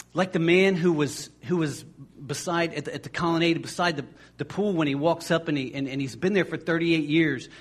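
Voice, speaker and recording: A man's voice: a little high, slightly rough. A man preaching a sermon as pastor, in a conversational way, often repeating words as he restarts a phrase and acting out the voices of people in the stories.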